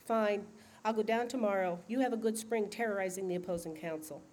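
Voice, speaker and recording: A woman reading aloud, voicing a sharp-tongued, out-of-work art teacher who answers with quick, sarcastic retorts. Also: mid-range voice, lightly acted. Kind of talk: audiobook reading.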